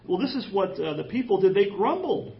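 A man preaching an animated, jokey sermon in church, acting out quoted voices. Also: high-pitched, brisk, creaky, highs cut off. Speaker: pastor.

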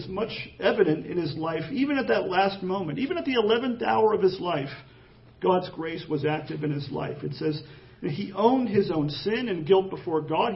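Gravelly high-voiced man preaching. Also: far from the mic. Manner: expository preaching, reads scripture aloud and rises in emphasis. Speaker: pastor. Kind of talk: sermon. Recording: dull lo-fi sermon audio.

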